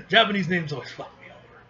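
A man hosting a casual manga reaction video, animated and exclaiming, swearing freely as he reads along. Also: high voice, moderate pace, dull audio, faint music behind.

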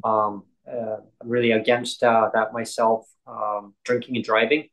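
A man chatting casually on a podcast, telling stories in a halting, rambling way with many ums and restarts. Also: fairly low pitch, little pitch movement, a bit bright, low-quality recording. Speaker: podcast host and guest. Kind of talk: casual chat.

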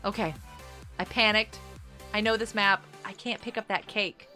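A woman's voice: mid-range voice, fairly even intonation, normal speed, bright, forceful tone, faint music behind. A woman streaming a game live, chatting to viewers by name, giggling and panicking as she plays. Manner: bubbly, giggly, often panicked; talks to chat viewers by name.

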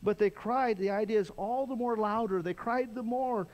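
An older man preaching a sermon as pastor, impassioned, swinging from loud cries to quiet intensity. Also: sits high, normal speed, few pauses.

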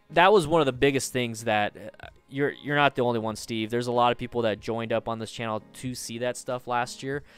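A man's voice: mid-range voice, a bit bright, smooth. A man in his thirties chatting casually from home as a livestream host, reading viewer comments, restarting and repeating himself.

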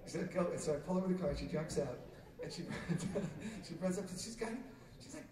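A man's voice: on the high side, quick pace. A middle-aged man telling a rambling story to a concert audience, laughing often, with many fillers and restarts. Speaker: musician telling stories on stage. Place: concert hall stage. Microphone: audience taper's recording from the crowd. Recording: roomy distant audience tape. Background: loud crowd.

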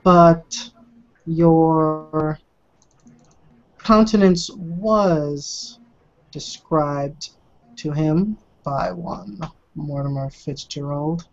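A game master narrating a tabletop game in slow, hesitant phrases, on a dull lo-fi recording. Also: mid-range voice.

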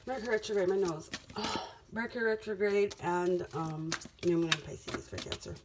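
A woman reads tarot cards for her audience in a casual, spiritual way. She talks emphatically, circling back to the same phrases to drive them home. A steady noisy background with clicks sits under her voice. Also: medium pitch, moderate pace. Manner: emphatic, repeats phrases for effect. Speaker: tarot reader.

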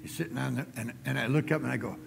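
Man, middle-aged, sermon, folksy anecdotes, gravelly, reverberant hall. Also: mid-range voice, rapid-fire, slight background noise. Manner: folksy storytelling, animated when quoting. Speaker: guest preacher. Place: church sanctuary.

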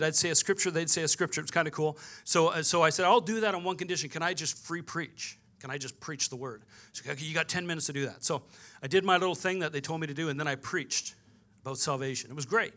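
Bright-voiced pastor telling a story. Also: male voice, a little high, fast. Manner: storytelling with quoted dialogue, animated. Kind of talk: sermon.

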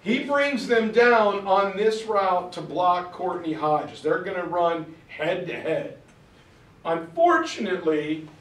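A man giving an informal history lecture from a map, telling it as a story, acting out quotes and clearing his throat now and then. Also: high voice, recorded from a distance. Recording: roomy sound from off-mic.

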